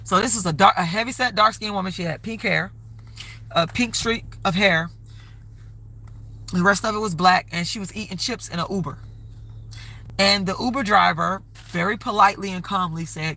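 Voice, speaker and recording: Woman doing a casual live stream, raspy fry in her voice, rambles a lot. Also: medium pitch, moderate pace, long pauses, sharp tone. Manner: rambling, conversational, keeps plugging donations. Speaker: livestream host.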